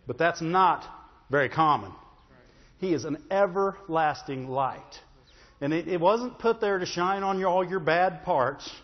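A man's voice: fairly high pitch, unhurried. A man preaching a sermon as pastor. He is emphatic and conversational, with joking asides and calls for an "amen" from the congregation. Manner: emphatic preaching with audience call-outs. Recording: echoey hall, dull lo-fi sound.

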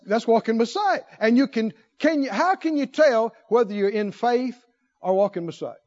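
A man preaching a sermon in an animated way, firing rhetorical questions and breaking into laughter. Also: very high voice, normal speed. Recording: dull lo-fi recording.

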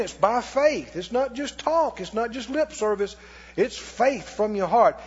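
A man's voice: very high voice, husky. A man preaching a sermon as pastor in a church, with folksy turns of phrase and call-and-response with the congregation. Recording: dull lo-fi with long hall reverb.

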